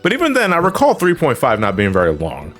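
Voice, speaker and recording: A man's voice: medium pitch, wildly swooping pitch, fast, fairly bright tone, soft background music. A man chatting casually while streaming a game, rambling with restarts and fillers and swearing freely. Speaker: streamer playing an online game. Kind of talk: casual gaming chat.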